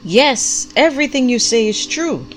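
A woman voicing a wild, loudmouthed homeless street preacher man in an audiobook. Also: fairly low pitch, lively intonation, brisk, faint music behind, natural voice. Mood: rowdy. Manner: loud, eager calling out.

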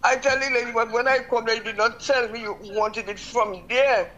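A woman's voice: on the high side, steady tone, brisk, fairly bright tone, muffled recording, slight background noise. An older woman calling in to a radio show, venting her frustration emphatically and repeating herself. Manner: vexed, repetitive, emphatic. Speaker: caller. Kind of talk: call-in radio complaint.

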